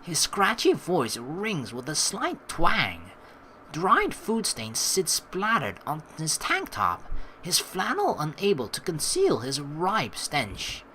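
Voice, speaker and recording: Animated woman reading a game aloud. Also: low voice, slow pace, slight background noise, low-quality recording. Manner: animated, sarcastic, swearing asides. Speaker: let's play host. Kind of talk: reading a visual novel aloud with commentary.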